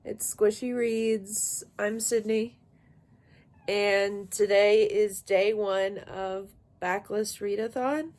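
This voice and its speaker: A young woman talking casually in a late-night book vlog, tired and yawning, with a sleepy, low-energy delivery. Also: fairly even intonation, slow, darkish tone. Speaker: book vlogger.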